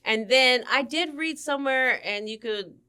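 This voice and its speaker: A woman's voice: high voice, moderate pace, bright, forceful tone, clean tone. A woman hosting a casual interview, upbeat and chatty. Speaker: host.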